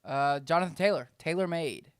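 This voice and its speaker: A man with a fairly high, smooth and resonant voice chats casually on a sports podcast. He reads things out with animated energy and laughs often. The sound is dry and close, with no room around it. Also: normal speed, no echo. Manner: animated, laughs often while reading names. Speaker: podcast co-host. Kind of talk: casual chat.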